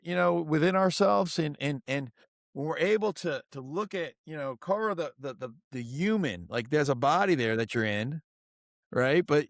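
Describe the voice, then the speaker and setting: A man's voice: a little high, dry recording, clean studio sound. A middle-aged man, a guest author and coach, explaining a model and telling stories in a podcast interview. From United States. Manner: energetic, instructive, tells stories.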